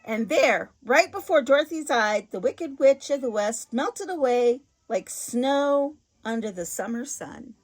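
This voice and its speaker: A woman reading a children's storybook aloud in a clear, expressive way. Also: on the high side, measured pace, hardly any pauses.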